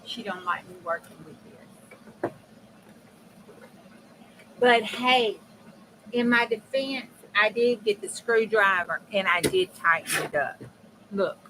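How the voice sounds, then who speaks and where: Speaking slowly in a mid-range voice, she pauses often. The crafting channel host chats casually at her home craft table, folksy and direct to viewers with dialect phrasing, over steady background noise.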